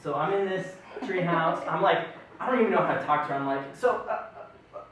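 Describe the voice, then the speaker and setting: A young man doing a stand-up story, animated and self-mocking, acting out the other people in it. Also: fairly high pitch, fast talker, a little hiss or hum. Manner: animated, self-mocking, acts out quoted voices. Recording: very echoey room, mic far off.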